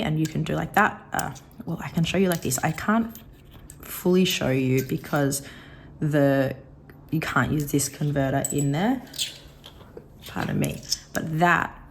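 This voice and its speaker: A woman with a slightly rough, coughing throat, chatting casually as she reviews a pen. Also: sits low, slight background noise. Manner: chatty, rambling, softly admiring. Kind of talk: casual product review vlog.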